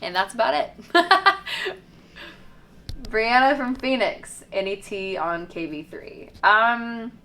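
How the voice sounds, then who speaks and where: A singer from Tennessee reads fan questions aloud and answers them in a casual, upbeat Q&A, peppering her chat with "um" and "like." Her voice is fairly high, bright and forceful, animated but slow, with a little hiss or hum on the recording.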